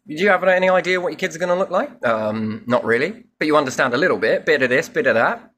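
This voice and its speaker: Husky man musing aloud. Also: fairly high pitch, animated, fast, a bit bright. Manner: musing, asks himself questions, casual swearing. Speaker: speaker musing on faith. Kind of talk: rambling spiritual monologue.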